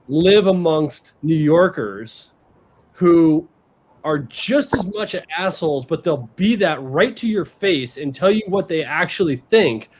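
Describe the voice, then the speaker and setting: A man hosting a podcast, talking in a blunt, profane, laid-back way in casual chat. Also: a little high. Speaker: podcast host.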